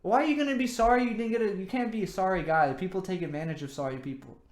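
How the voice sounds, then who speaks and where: A man's voice: high-pitched, fast talker, roomy sound. A young man hosting his own show, giving earnest, rambling dating advice full of "you know" and repeated words. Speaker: host. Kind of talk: casual advice monologue.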